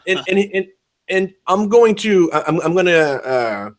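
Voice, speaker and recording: A man's voice: high-pitched, animated, unhurried. A man co-hosting an online discussion show, rambling in casual chat with a lot of swearing and filler words. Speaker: podcast co-host.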